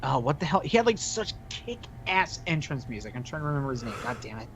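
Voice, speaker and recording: A man co-hosting a casual wrestling podcast, excitable and swearing casually. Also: mid-range voice, quick pace, a little hiss or hum. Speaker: podcast co-host.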